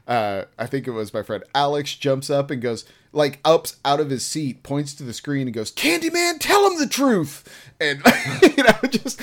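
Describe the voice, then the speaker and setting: A man in his thirties is chatting on a podcast and spinning a funny story. His pitch swings widely as he tells it. He laughs through it and leaps up high when he acts out the shouted lines. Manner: animated, laughing storyteller who jumps high for quoted yells. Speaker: podcast co-host. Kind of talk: casual storytelling chat.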